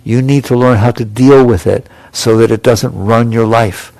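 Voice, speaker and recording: Gravelly man addressing an audience. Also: medium pitch, fairly even intonation, moderate pace, a little mellow, no echo. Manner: conversational, full of rhetorical questions; emphatic, with repetition for stress. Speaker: spiritual teacher. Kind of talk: talk to a live audience.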